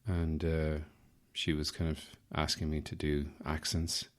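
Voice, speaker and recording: An Irish man hosting a podcast, his voice rough from just waking up, rambling in a self-deprecating way through a casual improvised monologue. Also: extremely low pitch, flat delivery, measured pace, few pauses. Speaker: podcast host.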